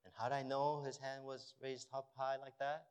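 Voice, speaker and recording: A man preaching a sermon as pastor of his church, animated, rising to emphatic peaks and dropping to a low storytelling voice. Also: normal speed, clean tone.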